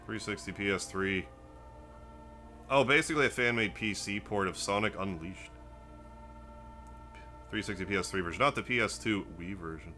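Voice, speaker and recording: A man with a fairly low voice and a bright, forceful edge chats through a gameplay stream. He rambles easily, greets viewers by name and thinks out loud between moves. Quiet game music sits faintly behind him. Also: normal speed, long pauses. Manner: relaxed, rambling, greets chat, muses aloud. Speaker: gaming live streamer. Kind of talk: casual gameplay stream chat.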